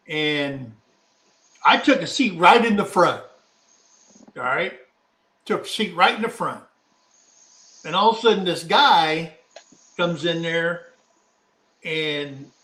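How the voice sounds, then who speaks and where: Slow-talking man telling a story. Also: high voice, a bit bright. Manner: rambling anecdotal, acts out quotes. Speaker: co-host of a live talk show. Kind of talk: casual storytelling chat. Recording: echoey room.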